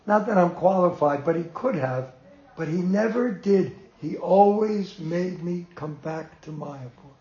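An older man reminisces at an unhurried pace, his voice sitting a bit high. He tells the story with feeling and breaks into laughs along the way. The sound is roomy and slightly dull. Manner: animated and emotional, laughs between lines. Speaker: storyteller recalling his teacher. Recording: roomy, muffled room sound.

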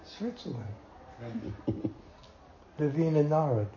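An older man slowly telling a personal anecdote to a small group, acting out quotes and laughing as he goes. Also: a little high, reverberant, lo-fi sound, a little hiss or hum. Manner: slow, animated storyteller who acts out quotes and chuckles. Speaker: devotee telling memories.

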